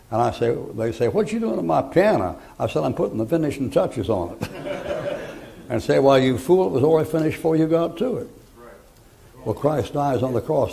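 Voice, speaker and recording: A man's voice: mid-range voice, mellow. An older man preaching a folksy, joking sermon, acting out voices in his stories.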